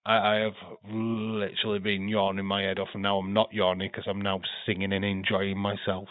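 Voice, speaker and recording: A man's voice: lowish voice, monotone, brisk, dry recording. A man giving casual, chatty running commentary as a streamer, swearing and laughing along. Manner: chatty, profane, laughs often. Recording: tinny phone-like dry sound.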